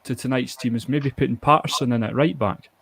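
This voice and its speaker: A man's voice: mid-range voice, fairly quick, creaky, fairly bright tone. A Scottish man co-hosting a live football watch-along, chatting casually, opinionated and laughing often. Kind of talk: casual live match chat.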